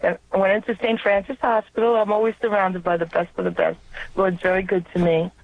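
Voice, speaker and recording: A woman's voice: medium pitch, flat delivery, brisk, creaky, no echo. A woman with a New York accent calling in to a radio show, earnestly telling a personal faith story. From New York area. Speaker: radio caller. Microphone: telephone. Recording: tinny phone line.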